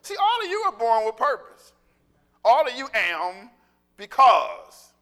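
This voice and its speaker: A man preaching a sermon in a large church hall, excitable and animated, tripping over his words as he builds up. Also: very high-pitched. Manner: excitable, animated, with quick restarts and laughter. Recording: echoey hall with long reverb.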